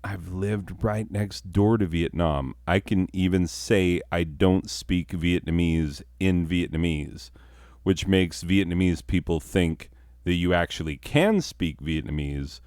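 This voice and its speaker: A man's voice: deep voice, a little slow, darkish tone, no echo, studio quality. A man telling a comic story with rambling, self-mocking asides. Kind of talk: comedic storytelling.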